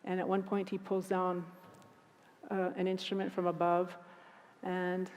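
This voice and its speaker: A woman speaking at a conference. She tells a personal story in an earnest, halting way with frequent restarts. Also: lowish voice, monotone, darkish tone. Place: conference hall. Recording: long hall reverb.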